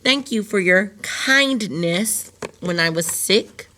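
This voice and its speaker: A woman teacher giving a recorded lesson to young students, slowly enunciating words and sounds for them to repeat. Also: mid-range voice, animated, pushed and bright, a little hiss or hum. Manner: slow, deliberate, enunciating words for young learners.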